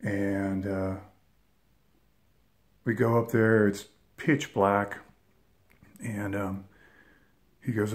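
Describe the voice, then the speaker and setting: A man's voice: lowish voice, little pitch movement, very slow, long pauses. A man in his fifties telling a rambling personal story with many fillers and restarts. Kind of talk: casual anecdote.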